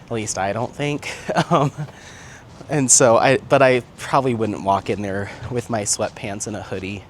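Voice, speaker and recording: A man's voice: fairly low pitch, fairly even intonation, normal speed. Male vlog host, chatty and laughing, walk-and-talk outdoors, faint traffic behind. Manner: chatty, laughing often, reads viewer comments aloud. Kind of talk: casual chat while walking. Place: outdoors on town streets. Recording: street noise, outdoor recording. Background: faint street and traffic sounds.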